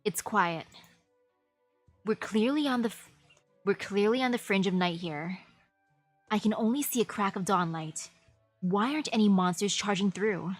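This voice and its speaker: A woman puts on a proud, refined young man from a video game, speaking slowly in formal, old-fashioned phrases. His voice is slightly husky and sits near the middle of a woman's range. Soft game music plays underneath. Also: mid-range voice, no room sound, voice pushed down, lightly acted. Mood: wary.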